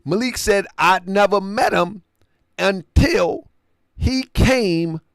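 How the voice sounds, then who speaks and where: A man with a high, gravelly voice tells a story in casual commentary, his pitch leaping up and down as he acts out both sides of a conversation. He keeps checking that the listener follows along. The recording is dry and close. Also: takes it slowly, a bit bright, no echo. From Baltimore area. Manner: conversational, retells dialogue, asks listener to follow. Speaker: online show host.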